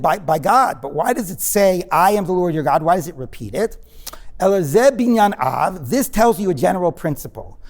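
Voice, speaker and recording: A man's voice: high-pitched, darkish tone. Man lecturing in an echoey hall. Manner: questioning the class, conversational with digressions and fillers. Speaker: rabbi teaching a class. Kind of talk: interactive text-study lecture.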